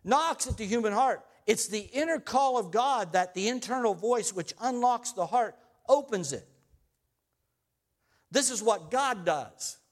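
A man's voice: high voice, expressive, a little slow. A man preaching a sermon, reading scripture aloud and stressing key phrases again and again. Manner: emphatic, repeating key phrases.

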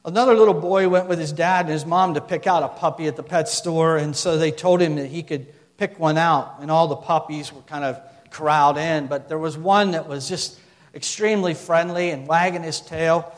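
A man with a fairly high voice preaches a sermon in a loose, conversational way, full of fillers and restarts. Now and then he slows down and leans hard into a point. His voice rings out with the long reverb of a large hall. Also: fairly even intonation.

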